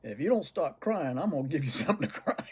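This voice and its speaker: An older man quoting his stern, old-fashioned father scolding his son, with a husky voice. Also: on the high side, sing-song, racing, exaggerated voice. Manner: gruff and scolding.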